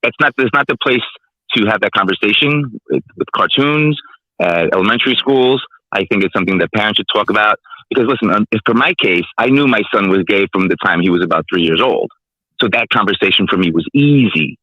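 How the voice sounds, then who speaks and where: A man's voice: fairly low pitch, lively intonation, fairly quick, dry recording, muffled recording. A man calling into a podcast, giving blunt opinions in a matter-of-fact way. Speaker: caller. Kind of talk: casual call-in chat. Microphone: phone line.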